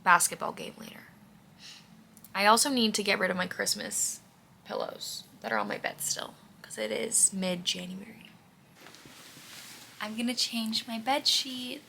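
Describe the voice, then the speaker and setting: A woman's voice: mid-range voice, animated, measured pace, gravelly, long pauses, bright, forceful tone, slight background noise. A woman vlogging in a casual, rambling way, gushing about what she watches and often saying "like". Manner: rambling and gushing, heavy use of "like". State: out of breath. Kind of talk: casual chatty vlog.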